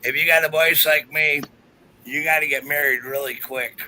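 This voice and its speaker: A raspy-voiced middle-aged man chatting casually as a caller, gruff and tagging his lines with "right?". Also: a little high, fairly even intonation, moderate pace, bright, forceful tone, a little hiss or hum, low-quality recording. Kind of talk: casual chat.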